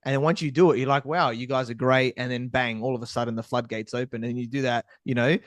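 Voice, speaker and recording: A man's voice: mid-range voice, fairly even intonation, fast, no echo. A man hosting a business podcast, praising his guest in an enthusiastic, rambling way with many fillers before he asks a question. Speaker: podcast host. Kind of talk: casual interview.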